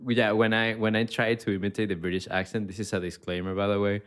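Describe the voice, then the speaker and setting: Very low-voiced woman, playful co-host. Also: flat delivery. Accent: Spanish. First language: Spanish. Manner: playful, quick laughs, short agreements. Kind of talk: casual conversational lesson.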